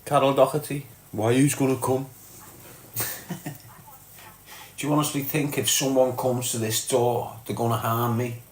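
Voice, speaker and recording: A man's voice: medium pitch, level tone, unhurried, long pauses, roomy sound. A man with a Scouse accent from Liverpool, hosting a live stream and chatting bluntly to viewers, reading out comments and swearing freely. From Liverpool, England. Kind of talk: casual live chat.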